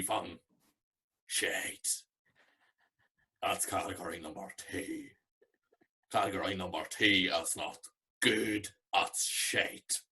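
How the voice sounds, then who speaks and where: A man doing an impression of a big, drunk Belfast man who makes blunt, gruff pronouncements in a Belfast accent. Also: lowish voice, sharp tone, exaggerated voice.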